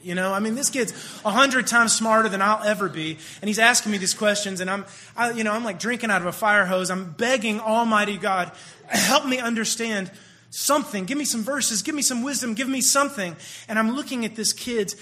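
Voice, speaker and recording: A man preaching, telling stories with swings between hushed passages and loud bursts. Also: sits high, fairly quick. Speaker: youth minister. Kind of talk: sermon storytelling.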